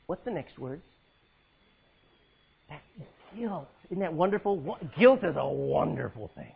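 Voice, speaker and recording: A male preacher delivering an emphatic sermon, swinging from loud, high calls to low, hushed lines. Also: big pitch swings, a little slow, gravelly, husky, highs cut off.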